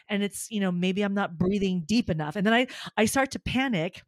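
A woman in her forties, an opera soprano and voice teacher, telling lively stories in a casual chat and laughing often. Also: mid-range voice, a little fast, hardly any pauses, no room sound, studio quality. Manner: animated storyteller, laughs often. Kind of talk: casual conversation.

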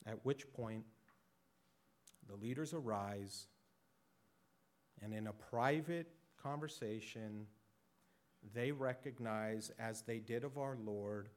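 A male pastor preaching a sermon, dramatic and shifting between loud and hushed. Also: on the low side, slow pace, long pauses.

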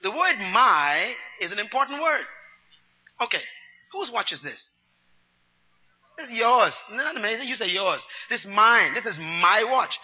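A man preaching a sermon, teaching his congregation, going from quiet muttered asides to loud, driving declarations. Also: high-pitched, big pitch swings, measured pace, long pauses, slightly rough. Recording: dull long-reverb hall sound.

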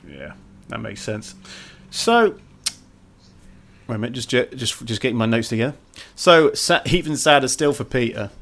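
Podcast co-host, man, bright tone, tangent-prone and self-interrupting. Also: mid-range voice, big pitch swings, normal speed, pauses often. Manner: rambling, self-interrupting, laughs at own tangents. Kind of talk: casual chat.

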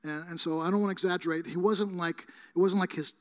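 A man preaching a sermon, telling healing stories in a rambling, casual way with many fillers and restarts, sometimes rising to near shouting. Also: high-pitched, fairly even intonation, fast talker. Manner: emphatic, rises to near shouting at times. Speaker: guest preacher.

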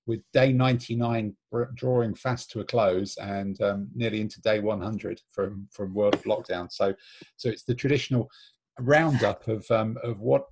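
A man's voice: fairly low pitch, fairly even intonation, moderate pace, noisy background. A man from England hosting a casual chat with friends, rambling and teasing between topics. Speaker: podcast host. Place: home, remote call.

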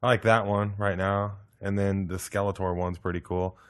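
A man co-hosting a podcast, laid-back and halting in casual chat. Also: sits low, flat delivery. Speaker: podcast co-host.

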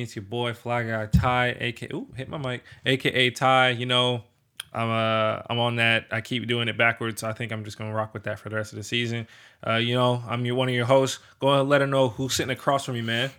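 A young man co-hosts a laid-back podcast, his voice bright and clear. He rambles through his points with plenty of fillers. He laughs easily and gets animated when he argues. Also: medium pitch, brisk. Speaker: podcast co-host. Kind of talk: casual chat.

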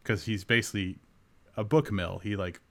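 A man's voice: on the low side, normal speed, vocal fry, a bit bright. A man co-hosting a podcast, chatting casually and hunting for his words. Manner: laughing, rambling and searching for words. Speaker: podcast co-host. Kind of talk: casual chat.

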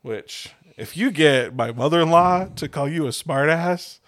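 A man in his thirties co-hosts a podcast, chatting casually in a fairly high, slightly bright voice. He takes his time, telling laid-back stories and swearing freely.

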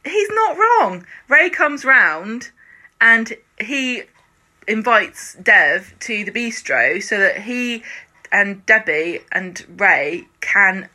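A woman's voice: mid-range voice, sing-song, pushed and bright. A woman co-hosting a podcast, chatting casually and acting out characters' lines as she recaps episodes. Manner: chatty, acts out characters' lines in quick impressions. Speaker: podcast co-host. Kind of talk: casual chat recapping a TV series.

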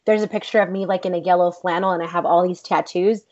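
A woman from Texas, an actress telling stories in a casual interview, animated and rambling with lots of fillers. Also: lowish voice, quick pace, lo-fi sound. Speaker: actress guest.

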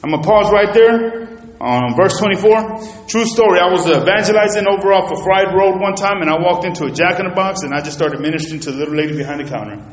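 A man preaching a sermon in a church, telling stories in an animated way and swinging between loud and hushed. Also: sits high, quick pace. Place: church sanctuary. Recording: echoey church hall.

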